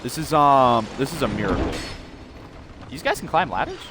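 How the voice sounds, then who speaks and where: A man's voice: medium pitch, big pitch swings, moderate pace, heavy background noise. A man ranting loosely while playing a game, rambling and often restarting his sentences. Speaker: gaming video creator. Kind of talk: unscripted gameplay rant.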